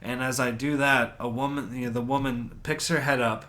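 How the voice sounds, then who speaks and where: A man co-hosting a podcast, telling a story in casual chat, animated and swearing a lot as he acts out his own reactions. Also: mid-range voice, moderate pace. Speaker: podcast co-host.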